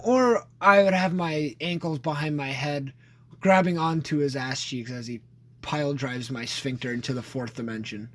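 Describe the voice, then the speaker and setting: A man's voice: on the high side, normal speed, a bit bright. A young man co-hosting a podcast, telling crude stories in casual chat and often laughing. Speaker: podcast co-host.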